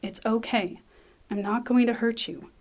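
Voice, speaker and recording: A woman's voice: medium pitch, normal speed, natural voice. A woman reading the part of a determined female doctor who protects children. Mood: soothing. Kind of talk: script table read.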